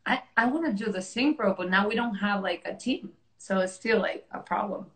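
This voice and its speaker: A woman hosts a relaxed conversation, talking with many fillers and dramatic quoted lines. Her voice sits in the middle of the range and sounds through an echoey room. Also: mid-range voice, normal speed. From Mexico. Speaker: host and technical specialist. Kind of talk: casual interview chat.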